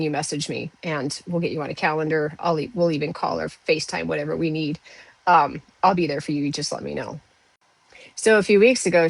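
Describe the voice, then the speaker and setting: A woman's voice: sits low, no room sound, rough recording. A woman who works as an intuitive health medium, telling a personal story casually to her viewers with lots of "like" and "you know". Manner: chatty, uses "like" and "you know" fillers.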